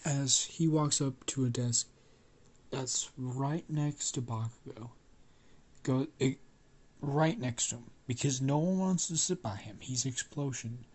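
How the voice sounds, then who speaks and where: A man's voice: medium pitch, unhurried, darkish tone, husky. A man improvising a fan story aloud, rambling with restarts and swearing.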